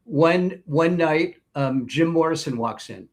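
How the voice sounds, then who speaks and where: A man, a writer and producer guest, telling anecdotes in an interview with an animated manner. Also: on the high side, slow pace. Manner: animated storyteller.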